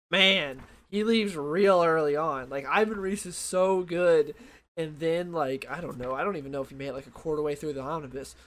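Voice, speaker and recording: Young man, slightly high voice, casual comic review, rambling with fillers, desk mic. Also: a bit bright. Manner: loose and rambling, many fillers. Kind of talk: casual solo review talk. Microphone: desk microphone.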